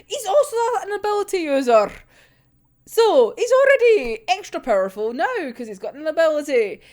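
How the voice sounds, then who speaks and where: A woman's voice: high voice, sing-song, moderate pace, darkish tone. A young woman casually talking through a manga chapter, giggling often and swearing freely as she gushes. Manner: giggly, swears a lot, gushing. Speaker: manga reaction channel host.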